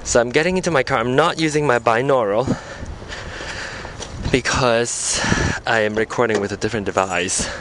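A man's voice: medium pitch, moderate pace, background noise. A man hosting a podcast, talking casually while walking outdoors, out of breath, rambling and correcting himself. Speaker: podcast host. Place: outdoors on street, then in car. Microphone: microphone attached to a portable music player.

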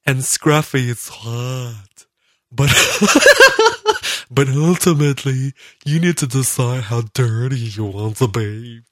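A man voicing a generic male listener, reading a comment aloud in a slow, drawn-out mock tone on his podcast. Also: mid-range voice, big pitch swings, fairly bright tone, no room sound, clean studio sound. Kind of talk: podcast voice impression.

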